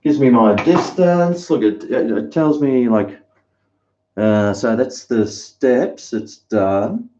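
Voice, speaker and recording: A man's voice: mid-range voice, slow, mellow. An Australian man chatting casually to his live-stream viewers in a rambling, storytelling way, at home in his kitchen. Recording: roomy, dull lo-fi sound.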